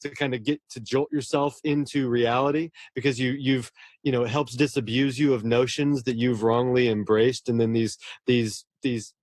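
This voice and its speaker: A man's voice: mid-range voice, little pitch movement, normal speed, a little mellow, dry recording, clean studio sound. A man, a horror novelist, talking earnestly and at length in a casual interview, often restarting his words.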